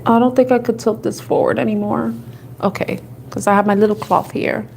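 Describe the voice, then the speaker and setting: A woman's voice: mid-range voice, fairly even intonation, a little fast, vocal fry, a little mellow, slight background noise. A woman giving a casual tarot reading, talking and thinking aloud in a chatty, giggly way. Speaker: tarot reader.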